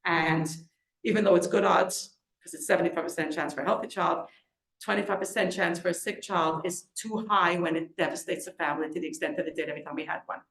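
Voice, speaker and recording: Animated middle-aged woman lecturer, roomy echo. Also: quick pace. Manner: animated storyteller, acts out quoted voices with big pitch leaps. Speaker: author and lecturer. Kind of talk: inspirational storytelling talk. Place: lecture event in a room.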